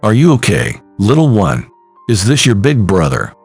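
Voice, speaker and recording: A man voicing a kind woman who calmly reassures a child and helps. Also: lowish voice, moderate pace, gravelly, slightly rough, soft background music, full character voice. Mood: reassuring. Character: kind helpful ordinary woman, calm.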